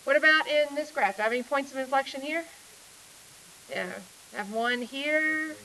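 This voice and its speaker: A woman's voice: sits high, moderate pace, bright, forceful tone, slight background noise, low-quality recording. A woman teaching a math class in a casual, chatty way, often asking questions and then answering them herself.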